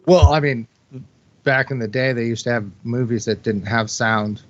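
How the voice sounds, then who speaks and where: A man's voice: medium pitch, normal speed, dry recording. A man co-hosting a podcast, chatting about films in an agreeable, joking way. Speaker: podcast co-host. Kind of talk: casual film discussion. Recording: dull lo-fi audio with faint noise.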